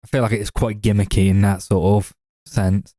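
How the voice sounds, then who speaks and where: A man, a podcast co-host, giving measured, thoughtful takes in a casual film chat. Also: fairly low pitch, flat delivery, warm tone, dry recording, studio quality.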